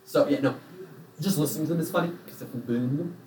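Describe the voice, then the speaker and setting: A man's voice: on the high side, quick pace, darkish tone, a little hiss or hum. A young English man with a home-counties accent, co-hosting a casual podcast chat in a jokey, chatty way. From England. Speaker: podcast co-host. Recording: roomy echo, mic from a distance.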